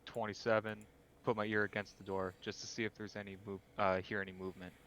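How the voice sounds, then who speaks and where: A man's voice: fairly low pitch, little pitch movement, fast, fairly bright tone. A man playing a tabletop game, loose and laughing, swearing casually. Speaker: player.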